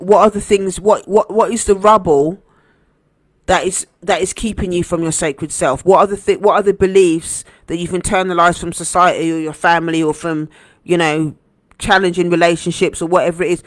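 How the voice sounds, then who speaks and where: A woman hosting a heartfelt motivational live stream as a coach, earnest and gentle, repeating phrases for emphasis. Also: on the low side, no room sound, clean studio sound. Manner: gentle, encouraging.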